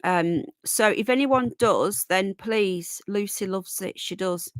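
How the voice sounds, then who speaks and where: A woman's voice: mid-range voice, takes it slowly, no room sound, studio quality. A tired, yawning woman hosting a casual live stream, chatting and greeting viewers by name as darling and sweetheart. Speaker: livestream host.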